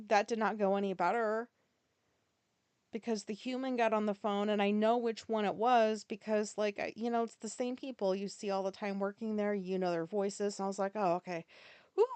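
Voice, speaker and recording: A woman's voice: mid-range voice, steady tone, moderate pace, darkish tone, clear, resonant tone, no echo. A woman hosting a podcast, telling a story in a casual, rambling way, swearing freely and correcting herself as she goes. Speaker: podcast host.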